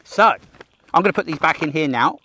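With slight background noise behind him, an Australian man speaks in a somewhat high, bright, pushed voice at a fairly quick clip. He's leading kids on a livestreamed outdoor nature walk, talking eagerly to the viewer, making jokes, and gasping over his discoveries.

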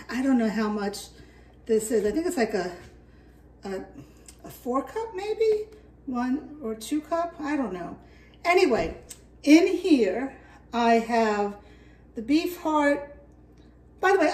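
An older woman chatting to camera in her home kitchen, rambling and lively as she cooks. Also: on the high side, recorded from a distance. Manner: chatty, rambling, talks to camera while cooking. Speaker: home cook vlogger. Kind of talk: casual cooking vlog.

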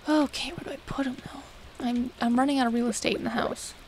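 A woman's voice: high voice, fast, low-quality recording. A young woman streamer rambling through casual game commentary, self-mocking and chatty as she talks to herself. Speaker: gaming streamer. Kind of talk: casual let's-play commentary. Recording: steady background noise.

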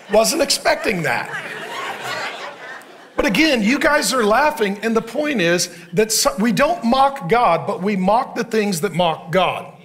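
Animated high-voiced male pastor preaching. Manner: joking, sarcastic asides. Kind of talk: sermon.

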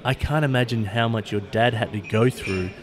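A man with an Australian accent hosting a casual podcast interview, chatty and telling animated stories. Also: medium pitch, normal speed. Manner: chatty, swearing, animated storytelling. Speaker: podcast host.

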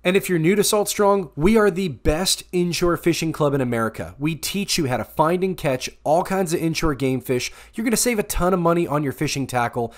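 Upbeat man with a slightly high voice doing a club plug. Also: animated, a little fast, hardly any pauses. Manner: upbeat sales pitch. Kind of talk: promotional outro.

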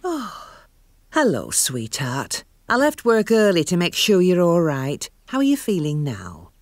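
A motherly wife with a fussing, concerned manner for a children's cartoon. She speaks slowly with very wide swings of pitch, in a dry, close sound with faint music behind. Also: huge pitch swings, dry recording, heavily acted. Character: warm motherly adult woman, postman's wife.

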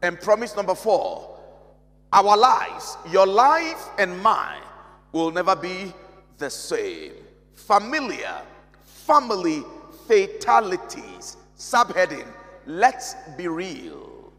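High, lively-voiced pastor preaching slowly. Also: male voice. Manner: measured, emphatic preaching with repeated phrases. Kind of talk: sermon. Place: large church hall. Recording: long reverb of a church hall.

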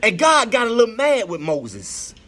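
High, lively preaching man with a sing-song cadence. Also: moderate pace. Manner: impassioned, rising to shouts. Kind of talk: sermon.

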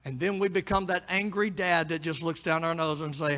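A middle-aged pastor with a high, bright voice delivers a full sermon at a brisk pace with fairly even intonation. He shifts between hushed pleading and loud, emphatic exhortation.

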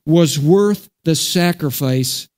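High-voiced emphatic male preacher. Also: darkish tone. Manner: emphatic preaching, repeats phrases, slows for weight. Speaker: pastor. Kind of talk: sermon.

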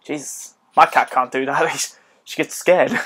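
A man commenting on his own gameplay in an excitable, joking way, often exclaiming to himself. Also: fairly high pitch, a little slow, slightly rough. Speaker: gaming video host. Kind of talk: let's play commentary.

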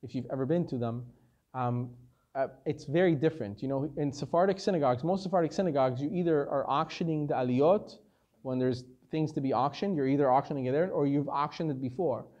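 A man's voice: medium pitch, fairly quick, warm tone, highs cut off. A man, a rabbi, giving a conversational Torah lecture, telling stories animatedly and using Hebrew terms.

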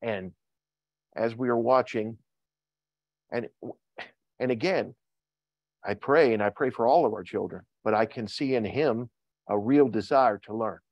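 Older pastor preaching, dull dry sound. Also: male voice, medium pitch, dry recording. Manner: reads scripture slowly with rising emphasis, then talks plainly. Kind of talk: sermon with scripture reading. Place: church.

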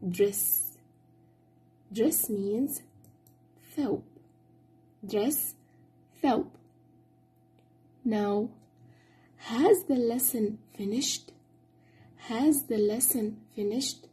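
Slow, dark-voiced woman teacher. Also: fairly high pitch. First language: Arabic. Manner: slow, clear drilling with repeated words and praise. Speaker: English teacher. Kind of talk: classroom lesson for children.

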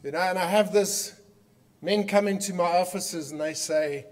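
A man with a South African accent giving an impassioned conference speech, emphatic, with rhetorical questions and dramatic pauses. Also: sits high. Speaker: conference speaker.

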